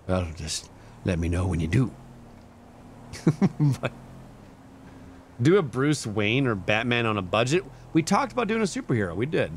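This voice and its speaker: A laid-back young male streamer chats with his viewers, thanking them and chuckling between thoughts. His voice sits at a middling pitch but moves with lively ups and downs, over a faint hum of background noise. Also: moderate pace, pauses often. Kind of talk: casual live-stream chat.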